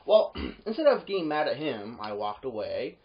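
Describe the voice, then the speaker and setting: A security guard tells a workplace story in a loose, casual monologue. The pitch swings up when the story gets heated and drops low for the asides. The recording sounds dull and lo-fi. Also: very animated, normal speed. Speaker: yard gate security guard.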